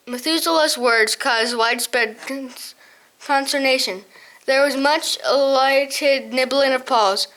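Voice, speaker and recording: High-voiced woman reading a novel aloud. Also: a bit bright, poor audio. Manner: halting, frequent slips and restarts. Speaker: audiobook reader.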